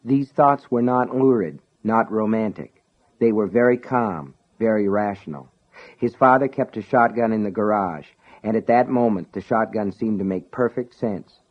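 A man narrating an audiobook in a measured, dramatic way. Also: on the low side. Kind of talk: scripted narration. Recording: dull lo-fi recording.

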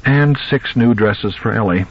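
A man's voice: lowish voice, measured pace, lo-fi sound, voice pushed up. A man voicing a tired, anxious young mother who pleads. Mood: strained.

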